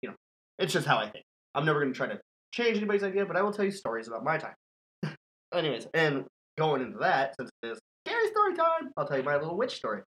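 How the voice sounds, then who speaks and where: A man's voice: fairly high pitch, lively intonation, fast talker, fairly bright tone, poor audio. A man hosting a podcast, telling a scary story in casual, profane chat and laughing often. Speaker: podcast host.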